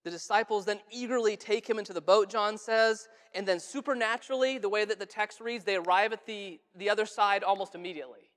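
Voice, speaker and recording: Speaking a little fast with hardly any pauses, a male pastor gives a conversational, earnest sermon in a fairly high male voice. He hushes his voice softly for quotations, and a long sanctuary reverb trails his words.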